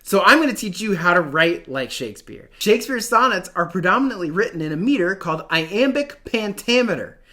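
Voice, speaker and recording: A young man leads an online lesson, his bright voice swinging widely up and down. He jokes, uses slang and chants terms in a sing-song rhythm. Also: high voice, big pitch swings, a little fast, few pauses. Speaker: teacher.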